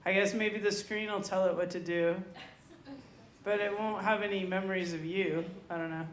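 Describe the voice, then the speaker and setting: A woman's voice: mid-range voice, steady tone, moderate pace. A woman at an open mic, telling stand-up stories in a chatty, rambling way and asking the crowd questions. Her voice sits in a middle range and carries through a roomy, echoey club. A faint hum of noise sits under her. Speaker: stand-up comedian. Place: comedy club stage.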